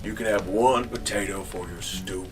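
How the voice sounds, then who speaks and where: A man's voice: low voice, fairly even intonation, normal speed, recorded from a distance, lightly acted. A wary, tight-fisted farmer hands things over grudgingly, as a man telling a story puts him on. He hesitates and stumbles over his words. The voice comes from a little way off the mic over faint background music. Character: wary stingy old male farmer.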